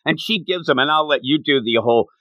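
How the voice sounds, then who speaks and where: A man's voice: on the high side, quick pace, no room sound, lo-fi sound. Guy chatting about comics, laughs a lot, dry close sound. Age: adult. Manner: animated, laughs often, acts out quotes. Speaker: podcast co-host. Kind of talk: casual manga discussion.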